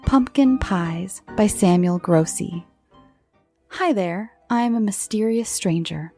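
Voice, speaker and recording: Woman reading spooky kids' tales slowly. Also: medium pitch, warm tone. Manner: slow, dramatic with dips into whispers. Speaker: storyteller host. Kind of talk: bedtime scary story narration for kids. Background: faint music.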